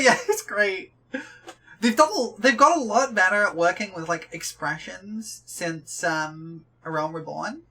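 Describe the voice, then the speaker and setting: A woman's voice: on the low side, a bit bright. Chatty young woman streaming. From Yorkshire, England. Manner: chatty and rambling, with lots of likes and ums; playful, repeats jokes to the characters on screen. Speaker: game streamer. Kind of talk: casual livestream chat.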